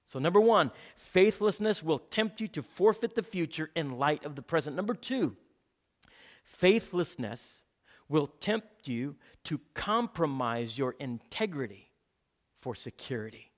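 A man preaching a sermon as pastor, exhorting his listeners and repeating key points slowly so they can write them down. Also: lively intonation. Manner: swings between loud exhortation and hushed low lines.

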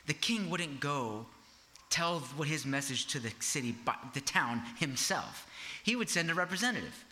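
A man's voice: on the high side, pushed and bright. A man preaching a sermon in a conversational way, asking rhetorical questions and often checking in with "right?".

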